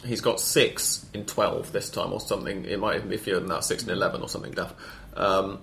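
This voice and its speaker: Podcast host, male, low-ish voice, chatty and rambling, stops to fix his own facts. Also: vocal fry, a bit bright, slight background noise. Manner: rambling, stops to correct himself, quick with stats. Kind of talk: casual football podcast chat.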